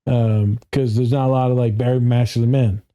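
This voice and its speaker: A man's voice: medium pitch, fairly even intonation, fairly quick, dark tone, muffled recording. A man in his thirties, a therapist, talking casually on a podcast in a blunt, profane way and laughing often. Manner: blunt, profane, laughs often, does voices when quoting people.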